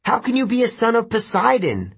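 A man voicing a defiant teenage boy hero in a storybook, his voice pushed high and husky. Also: very animated, slow pace, full character voice. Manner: defiant, sharply raised. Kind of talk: audiobook narration.

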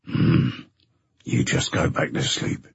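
A man's voice: low-pitched, a little slow, slightly rough, no room sound, dull audio, exaggerated voice. A man voicing a tired, evasive man giving short answers, in an audiobook. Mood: weary. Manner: curt, evasive. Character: tired terse man evading questions.

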